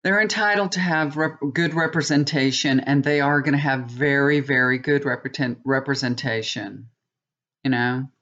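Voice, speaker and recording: A woman's voice: extremely low pitch, fairly even intonation, normal speed, fairly bright tone, muffled recording. A woman giving a tarot reading in a casual, rambling monologue, often checking in with viewers. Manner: chatty, rambling with many restarts, asks viewers "okay?". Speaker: tarot reader.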